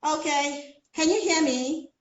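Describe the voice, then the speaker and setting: On an echoey, lo-fi call, a Nigerian woman with a high voice takes things slowly as she chats casually about speech and pronunciation. Her explanations are full of fillers as she coaches.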